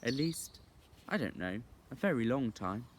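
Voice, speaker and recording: A man voicing a young, earnest and sensible girl in an audiobook reading, with a high, eager, urging voice. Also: very animated, a little slow, a little hiss or hum. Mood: dreamy.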